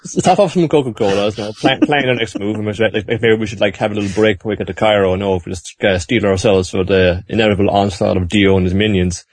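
A man casually recapping a story in a rambling, animated way, doing quick voices as he goes. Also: on the low side, no echo. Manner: rambling, animated, with frequent fillers and restarts.

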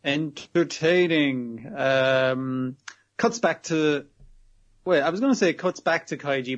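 A man's voice: on the high side, takes it slowly. A man casually recapping an episode, rambling and swearing freely, in a muffled lo-fi recording. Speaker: podcast co-host.

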